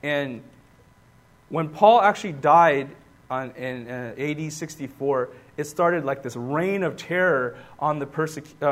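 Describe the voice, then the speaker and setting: A man preaching a sermon as pastor, emphatic and repetitive, calling on the congregation to answer back. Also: a little high. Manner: emphatic, repeats key words, rising to loud bursts.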